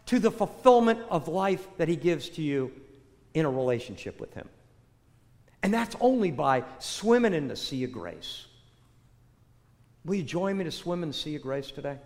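Older preacher, lively voice, hall echo. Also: male voice, on the high side, normal speed, pauses often. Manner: animated storytelling, swinging between loud bursts and hushed, soft lines. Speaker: pastor. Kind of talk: sermon. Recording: long reverb of a large hall.

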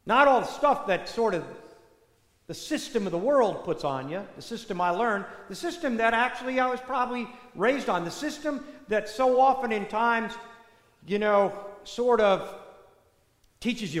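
Animated high-voiced male preacher, echoey church. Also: unhurried. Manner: conversational, animated storytelling with many asides. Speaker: parish priest. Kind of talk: sermon. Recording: echoey church hall reverb.

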